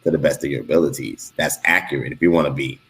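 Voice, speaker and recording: A man's voice: very deep voice, fast, fairly bright tone. A man from Los Angeles on a podcast, asking questions hesitantly, with fillers and restarts. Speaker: podcast co-host. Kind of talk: casual discussion.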